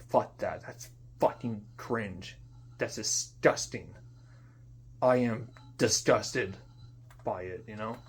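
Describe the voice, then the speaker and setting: Profane young man ranting alone. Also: lowish voice. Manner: frustrated, profane, repeats himself, trails off into quiet mutters. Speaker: vlogger. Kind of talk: unscripted ranting monologue.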